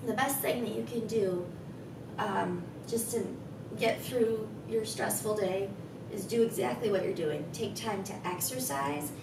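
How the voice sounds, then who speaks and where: A woman's voice: mid-range voice, unhurried, reverberant, far from the mic. A woman in her thirties with a froggy, scratchy throat, guiding a stretching routine and chatting encouragingly between cues. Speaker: fitness instructor. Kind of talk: guided stretching with chatty asides.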